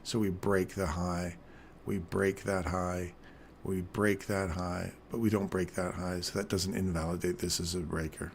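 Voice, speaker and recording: A deep-voiced man talks through live trading charts in a loose, joking, explanatory way, often checking in with "right?". His voice has a groggy morning roughness to it. A faint ambient hum sits behind him. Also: little pitch movement, a little slow, hardly any pauses. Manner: casual, explanatory, joking, keeps asking "right?". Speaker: trading stream host.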